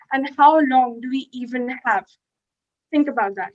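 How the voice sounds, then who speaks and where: High-voiced teenage girl debater. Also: normal speed, darkish tone. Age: teens. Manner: rhetorical, addresses the audience directly. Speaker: school debater speaking for the motion. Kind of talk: formal competitive debate speech. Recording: dull lo-fi call audio.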